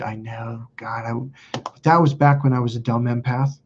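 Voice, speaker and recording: A man's voice: mid-range voice, fairly even intonation, measured pace, slight background noise. A man hosting a casual livestream, telling rambling stories bluntly and with lots of swearing while reading viewer comments. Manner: blunt, profane, rambling storyteller. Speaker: host. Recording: dull lo-fi recording.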